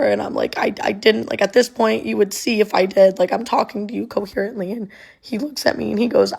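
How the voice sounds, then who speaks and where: A young woman recounts a hard memory in a casual, halting way, stopping often to restart her thoughts. Her voice is husky and breathy, with a gravelly fry at the ends of phrases. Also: mid-range voice, fairly even intonation, a little mellow. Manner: halting, many ums and restarts. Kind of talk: casual storytelling to camera.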